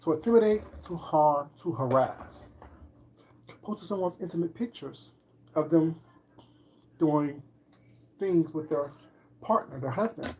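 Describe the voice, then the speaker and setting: A woman's voice: low-pitched, expressive, measured pace, long pauses, darkish tone, slight background noise. A woman on a livestream, commenting on online drama with sarcastic rhetorical questions. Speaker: streamer.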